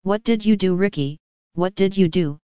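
Woman narrator voicing an accusing, scolding wife; lowish, very clear, dry. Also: normal speed, warm tone, dry recording, highs cut off, close to an everyday voice. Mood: angry. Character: furious scolding wife and mother.

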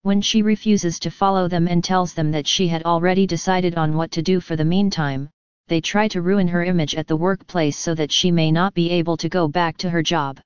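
A woman narrating a story in an even, matter-of-fact reading style. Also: fairly low pitch, fairly quick, clear, resonant tone, dry recording, lo-fi sound.

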